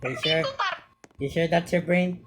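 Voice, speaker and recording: A woman chatting casually while playing an online game, excitedly calling out to her teammates. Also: lowish voice, unhurried. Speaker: gamer. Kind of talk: casual gameplay chat. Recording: noisy home mic with clicks.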